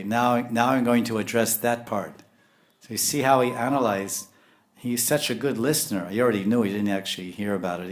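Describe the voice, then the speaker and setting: A man with a somewhat low voice delivers a spiritual sermon. His talk is animated and full of restarts, and he breaks into soft chuckles as he explains. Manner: animated, lapses into scolding voices when quoting. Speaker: spiritual teacher.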